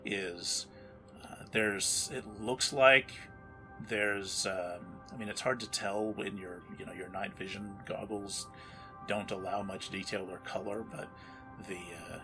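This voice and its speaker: A man narrating a tabletop game as game master, halting with many fillers and restarts. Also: fairly low pitch, steady tone, music in the background.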